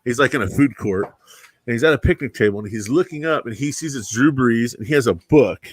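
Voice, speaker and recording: A man swaps old security-guard stories in casual chat, acting out each person he quotes with lively delivery that jumps up and down, and saying "bro" and "dude." His mid-range voice is a little fast with a breathy edge, recorded close and dry with no room sound.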